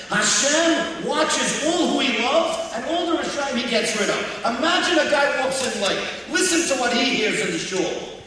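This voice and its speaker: High-voiced man preaching in an echoey hall. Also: moderate pace, slight background noise. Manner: animated, acts out quotes and breaks into song. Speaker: rabbi giving a talk. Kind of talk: storytelling sermon. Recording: echoey hall, distant mic, faint ambience.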